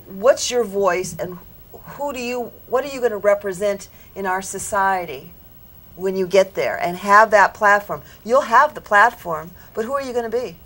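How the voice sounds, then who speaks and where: A woman's voice: medium pitch, moderate pace, fairly bright tone. A woman psychic on a studio panel, giving an earnest, reflective reading to an audience member and checking that it makes sense.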